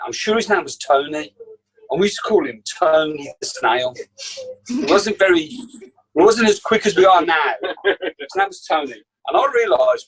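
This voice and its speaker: A man with a Birmingham accent, a chef guest telling animated anecdotes in a casual interview. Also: fairly high pitch, slightly rough, low-quality recording. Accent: Birmingham English. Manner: animated anecdote teller, acts out quotes. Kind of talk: casual storytelling.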